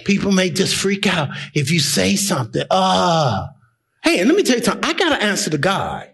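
Male pastor, fiery sermon, high pitch, very lively delivery. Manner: impassioned, rising to shouts, mocking voices of critics.

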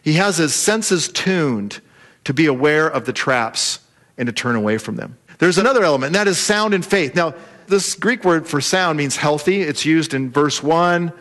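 Animated, joking male pastor. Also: fairly high pitch, normal speed. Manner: animated, humorous storytelling. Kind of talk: sermon.

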